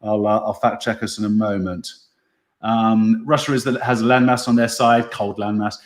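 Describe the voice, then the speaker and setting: A man's voice: fairly low pitch, level tone, moderate pace, reverberant. A man hosting a casual online show, musing over viewer comments in an easygoing way and chuckling often. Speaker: podcast host.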